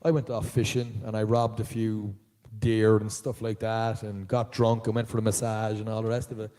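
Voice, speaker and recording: An Irish man, a voice actor answering fan questions at a live convention panel, telling stories in an animated way. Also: on the low side, moderate pace, clear, resonant tone. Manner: animated storyteller, jumps into voices of others. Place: large auditorium, live.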